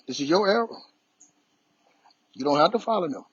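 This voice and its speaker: A man talks through life lessons while out on a walk, preaching and repeating himself for emphasis. His voice is husky, the sound close and dry, the recording dull and lo-fi. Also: a little high, a little fast, long pauses, no echo. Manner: preachy, repetitive, animated storytelling. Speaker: motivational vlogger. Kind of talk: casual motivational talk. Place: outdoors on a walk.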